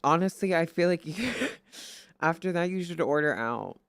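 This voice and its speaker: A man's voice: fairly high pitch, animated, a little slow, vocal fry, fairly bright tone, no echo, clean studio sound. A man streaming and chatting casually, rambling and swearing as he gives friendly advice in a playful put-on Southern drawl. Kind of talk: casual chat.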